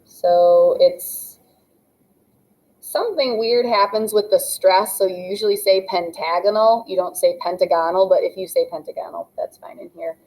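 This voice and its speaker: A young adult woman narrates a classroom math lesson, patiently explaining step by step as she draws. Her medium-pitched voice is warm and a little slow, and the audio quality is poor.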